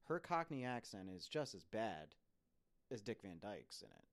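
A man co-hosting a casual film review podcast, talking bluntly with swearing and animated rants. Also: lowish voice, moderate pace. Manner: blunt, profane, animated ranting. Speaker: podcast co-host.

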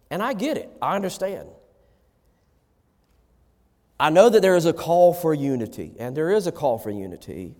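A man delivers an impassioned sermon, his high-pitched voice climbing and dropping with lively swings. He preaches like a pastor before his congregation. The sound carries a long reverb from a church hall. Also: normal speed, long pauses. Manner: impassioned preaching, rising and falling.

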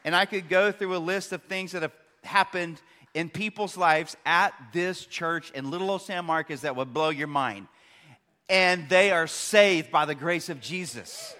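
A pastor in his thirties preaching a sermon, swinging between loud, emphatic peaks and quiet, hushed stretches. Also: on the high side, unhurried. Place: large church hall. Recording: long church hall reverb.

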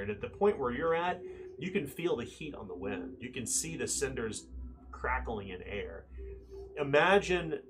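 A man's voice: fairly low pitch, background noise. A man narrating a tabletop game as game master, describing scenes vividly.

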